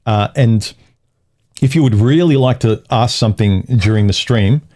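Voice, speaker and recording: A man's voice: medium pitch, normal speed, mellow. A man hosting a casual livestream, talking in loose, rambling phrases with frequent restarts. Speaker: livestream host.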